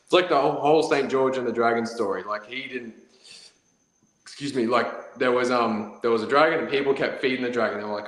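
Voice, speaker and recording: A man's voice: mid-range voice, fairly even intonation, fairly quick, fairly bright tone. An Australian man co-hosting a casual podcast, talking in a rambling, hesitant way with lots of fillers. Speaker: podcast co-host. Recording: echoey room.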